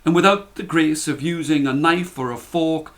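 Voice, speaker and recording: A man narrating a children's fairy tale in a deliberate, repetitive storytelling manner. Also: fairly high pitch, fairly bright tone.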